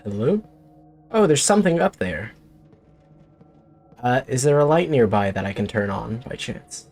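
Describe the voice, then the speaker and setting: A man's voice: mid-range voice, big pitch swings, measured pace, creaky, darkish tone, soft background music. A man streaming a horror game, talking to himself in jumpy, joking commentary. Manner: jumpy, talks to himself, jokey. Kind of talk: let's play commentary.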